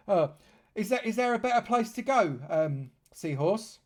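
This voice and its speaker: A man's voice: high-pitched, animated, normal speed. A man from London, giving chatty live commentary on a game stream and joking with dry sarcasm. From London, England.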